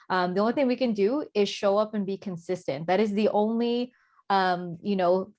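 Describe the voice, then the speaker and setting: A woman speaking casually to her sales team on a video call, leaning heavily on "like" and "um". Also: mid-range voice. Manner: chatty, heavy on "like" and "um". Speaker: network marketing promoter. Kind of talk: casual Zoom team talk.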